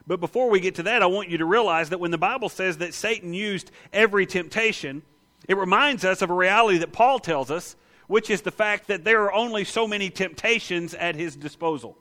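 A man's voice: sits high, fairly quick, sharp tone. A male pastor preaching an emphatic, conversational sermon, often putting questions to the congregation.

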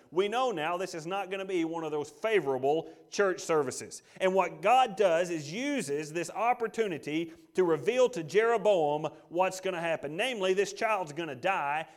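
A man preaching a sermon, telling the story dramatically and acting out its quotes. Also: on the high side. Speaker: pastor.

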